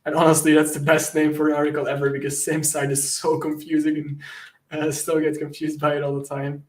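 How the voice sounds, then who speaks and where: An enthusiastic man speaks as a guest in a casual interview, his voice a touch high as he rambles and laughs at his own jokes. He sounds like a hacker talking shop with friends. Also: completely flat delivery, brisk. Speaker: guest, penetration tester and content creator.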